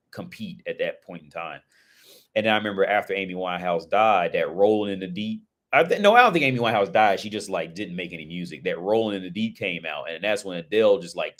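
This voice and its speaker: A streamer with a slightly low voice rambles through a casual livestream chat, speaking loosely with plenty of fillers and swearing and breaking into excited outbursts.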